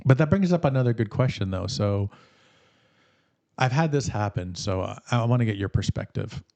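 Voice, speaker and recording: A middle-aged man with a low, gravelly voice chatting casually on a podcast. He lays out what-if scenarios and lets his sentences trail off softly. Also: animated, moderate pace, lo-fi sound. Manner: poses hypotheticals, trails off softly mid-thought. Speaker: podcast co-host. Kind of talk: casual chat.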